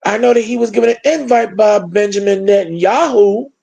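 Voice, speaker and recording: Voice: medium pitch, a little fast, gravelly, warm tone, husky. A political commentator giving an emphatic, colloquial and sarcastic opinion monologue.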